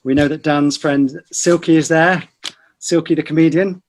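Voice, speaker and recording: Chatty professor hosting a relaxed podcast. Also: male voice, a little high, moderate pace, a little hiss or hum. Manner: chatty, light teasing asides. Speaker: podcast host, professor of neurology. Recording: online broadcast discussion.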